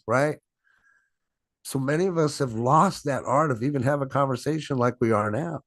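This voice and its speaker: A man's voice: mid-range voice, moderate pace, no room sound. A middle-aged man giving a business training presentation over a video call, stressing and stretching his words and often checking in with "right?". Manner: frequent "right?" tag questions. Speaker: sales trainer.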